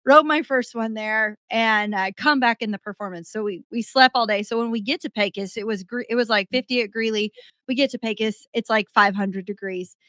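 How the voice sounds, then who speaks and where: A young adult woman, a podcast guest, telling a story in animated casual chat and laughing as she goes. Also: a little high, brisk, dry recording.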